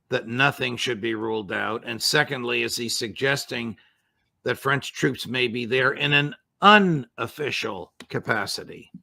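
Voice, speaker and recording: A man hosting an interview show, speaking in a measured way and sometimes stumbling over his words. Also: medium pitch, creaky, sharp tone, no echo. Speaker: show host. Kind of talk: interview, conversational.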